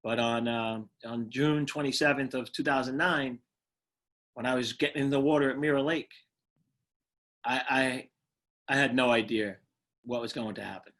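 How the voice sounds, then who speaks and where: A man's voice: medium pitch, steady tone, moderate pace, long pauses, a bit bright. A middle-aged man with a New York accent, a guest in an interview, telling his story in a casual way, often repeating words and restarting as he goes. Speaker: guest, retired firefighter and motivational speaker.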